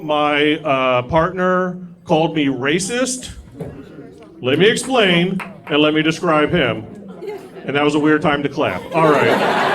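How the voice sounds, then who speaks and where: Young male comic, high voice, self-mocking stand-up, live club audience laughing. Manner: animated, self-mocking delivery. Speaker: stand-up comedian. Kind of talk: stand-up set. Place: comedy club stage. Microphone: stage mic. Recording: live club recording with crowd.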